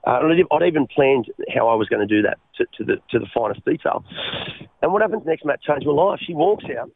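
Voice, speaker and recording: Aussie bloke on the radio down a tinny phone line, husky gravelly voice, stumbles and repeats himself, keeps saying mate. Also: male voice, mid-range voice, expressive, no room sound. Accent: Australian. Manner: halting, repeats words, calls the host mate. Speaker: radio interview guest. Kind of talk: personal storytelling on radio.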